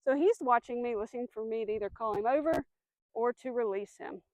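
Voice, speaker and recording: A woman dog trainer demonstrates outdoors in a slightly high voice at a fairly quick pace. She lays out the steps clearly, alternating firm commands with soft praise for the dog, in a dry recording.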